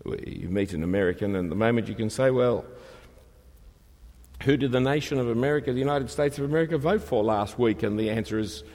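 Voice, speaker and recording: A man's voice: mid-range voice, a little fast, a little mellow. A man preaching a sermon, emphatic and rhetorical, asking his listeners questions. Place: church. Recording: long reverb of a large hall.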